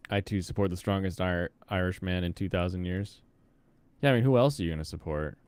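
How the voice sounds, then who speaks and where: Low, smooth-voiced man thinking aloud. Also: fairly quick, a little mellow, dry recording. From Pacific Northwest, US. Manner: thinks aloud, chatty, reacts to chat. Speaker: streamer. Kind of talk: casual gameplay commentary.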